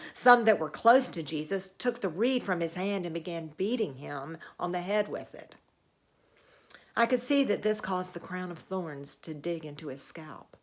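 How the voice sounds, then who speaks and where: A woman voicing a Roman centurion in a first-person dramatic monologue, telling it in an earnest, measured way. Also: fairly low pitch, lively intonation. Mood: solemn. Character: Roman centurion, a grown man, sober commanding officer.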